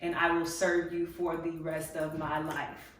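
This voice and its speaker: A woman's voice: deep voice, little pitch movement, unhurried, a little hiss or hum. Earnest young woman, echoey room. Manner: earnest and emphatic, many ums and repeats. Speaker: guest, life group leader. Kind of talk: personal faith testimony in a casual interview. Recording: echoey room, mic at a distance.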